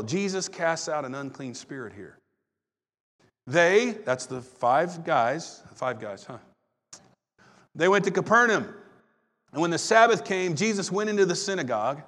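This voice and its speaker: A man preaching a sermon as pastor, telling the story with lively swings between loud bursts and hushed lines. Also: on the high side. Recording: long hall reverb.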